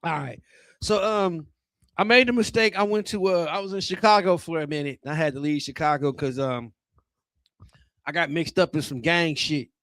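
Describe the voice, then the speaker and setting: A man in his thirties doing a loose, profane and rambling stand-up comedy set on a club stage, talking into a handheld mic, with sudden loud outbursts. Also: on the high side, moderate pace, no echo. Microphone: handheld microphone.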